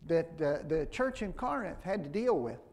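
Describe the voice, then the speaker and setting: A man preaching a sermon, slow and halting, with frequent restarts and fillers. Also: on the high side, big pitch swings, darkish tone.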